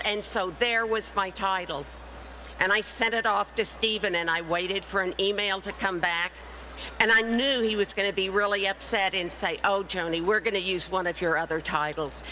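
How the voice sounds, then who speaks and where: A middle-aged woman giving a conference talk as an author, telling her story in a lively way and acting out the voices of people she quotes. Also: mid-range voice, slight background noise, rough recording. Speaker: author and speaker. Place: conference session room.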